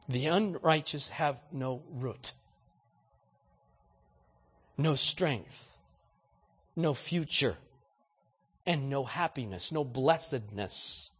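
Animated preacher with a husky voice. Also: male voice, medium pitch. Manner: animated preaching, rhetorical questions to the congregation. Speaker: pastor. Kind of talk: sermon.

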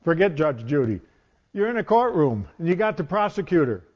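A male preacher talks through a sermon like a storyteller, loose and conversational. His voice sits a little high for a man. The recording is dull and lo-fi. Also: big pitch swings, fairly quick. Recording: dull lo-fi sound.

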